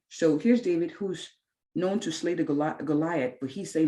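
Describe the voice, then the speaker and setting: A woman's voice: deep voice, normal speed, warm tone, roomy sound. A woman in her thirties, a physician and clinic founder, tells her story with candid earnestness in an interview and acts out her own past thoughts. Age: 30s.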